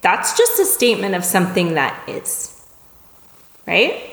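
A woman teaches in a casual, conversational way, often checking in with her listeners. Her voice rings through a roomy space with a long, trailing reverb. Her pitch sits in the middle for a woman. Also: unhurried. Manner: acts out little dialogues in lively voices. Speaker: communication teacher. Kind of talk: spoken lesson on empathetic listening. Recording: echoey room with long reverb.

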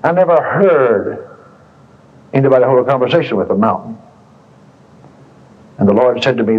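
A man preaches to a congregation in a folksy, colloquial manner, leaning on repetition and stories. His voice is husky and of middling pitch. The tape sounds dull and lo-fi. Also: expressive, moderate pace, long pauses. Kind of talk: sermon with storytelling.

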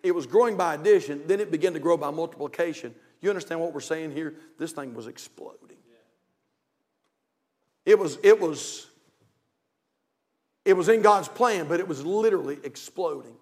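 A pastor from North Carolina with a Southern accent, preaching a fervent sermon with repeated phrases, swinging from quiet asides to shouts. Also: male voice, a little high, normal speed, pauses often, long reverb tail. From North Carolina, USA.

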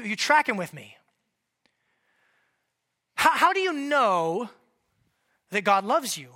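Bright-voiced pastor preaching conversationally. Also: male voice, high-pitched. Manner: conversational, checks in with the congregation. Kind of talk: sermon. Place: church in Washington state.

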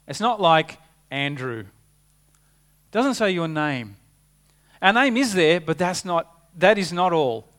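A man preaching a sermon, earnest, rising for emphasis and dropping to a hushed tone. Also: on the high side, animated, a little slow.

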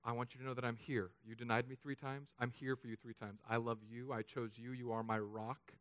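A man voicing a hushed, tender Jesus. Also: medium pitch, level tone, brisk, no room sound, voice pushed down, natural voice. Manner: soft, hushed, intimate.

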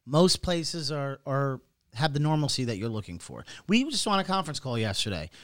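A man's voice: mid-range voice, very animated, fairly quick, a bit bright, no echo, studio quality. A man co-hosting a podcast, pushing back with insistent, patient explanations. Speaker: podcast co-host. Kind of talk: argumentative casual chat.

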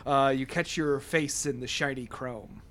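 Bright-voiced man running a tabletop game. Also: medium pitch, a little slow. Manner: casual, rambling with fillers, swears. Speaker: game master.

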